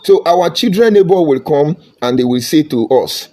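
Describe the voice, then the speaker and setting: A man's voice: fairly high pitch, brisk, few pauses, mellow. A man with a Nigerian accent giving an impassioned, preachy monologue, repeating his points with emphasis. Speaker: online commentator.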